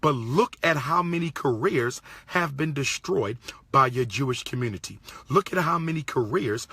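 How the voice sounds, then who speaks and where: A man's voice: medium pitch, animated, moderate pace, sharp tone, breathy edge, no room sound. A man from Pennsylvania giving an indignant commentary, repeating his points and firing off rhetorical questions. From Pennsylvania, USA. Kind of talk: impassioned monologue.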